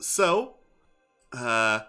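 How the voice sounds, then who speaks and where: A man's voice: medium pitch, very animated, very slow, pushed and bright, smooth, faint music behind. A man narrating a tabletop game as game master, describing scenes with frequent fillers.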